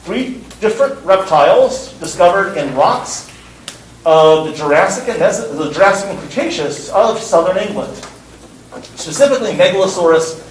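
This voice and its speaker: A man's voice: high-pitched, lively intonation, moderate pace, roomy sound, recorded from a distance, a little hiss or hum, rough recording. A man teaching a university course, lecturing in an emphatic way and repeating words for stress. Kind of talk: classroom lecture.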